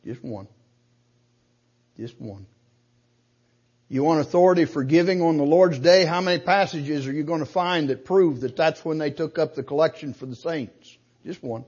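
A man's voice: fairly high pitch, moderate pace, breathy edge, muffled recording. An older man preaching a sermon, pressing his point with rhetorical questions and punching key words. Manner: emphatic, rhetorical questions, rising to loud stresses.

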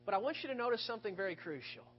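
Guy preaching a sermon, lots of rhetorical questions, high voice, kinda muffled lo-fi. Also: rapid-fire, husky. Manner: expressive storytelling, rhetorical questions. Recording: dull lo-fi recording.

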